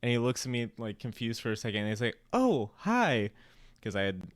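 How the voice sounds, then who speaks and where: A man's voice: on the low side, racing, smooth, no echo, clean studio sound. A young man co-hosting a podcast, telling a story in casual chat and acting out the other people's lines with laughter. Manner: animated, acts out quoted voices with laughs. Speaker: podcast co-host.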